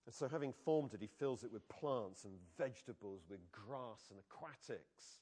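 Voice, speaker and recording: A man gives an animated, conversational sermon in church, regularly asking the congregation questions. His voice is medium in pitch with a breathy edge, and he speaks at a moderate pace.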